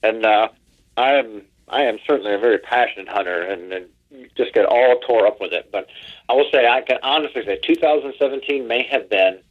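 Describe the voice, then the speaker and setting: A man from Pennsylvania, a guest on a podcast, speaking by phone in a measured way with many ums. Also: mid-range voice. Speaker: podcast guest, wildlife outreach director. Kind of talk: casual interview talk. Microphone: phone call. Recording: tinny phone line.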